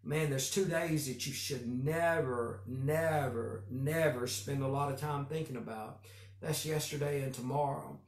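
A middle-aged man, a pastor, preaching a men's devotion with emphatic repeated phrases, going quiet for personal stories. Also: medium pitch, unhurried. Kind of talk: men's group devotion sermon. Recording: echoey room.

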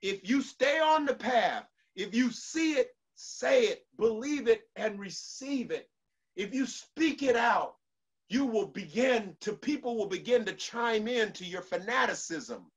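A man's voice: sits high, expressive, measured pace, breathy edge. A man giving a motivational speech to an online audience, preacherly, repeating lines for emphasis and leading call-and-response. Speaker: motivational speaker.

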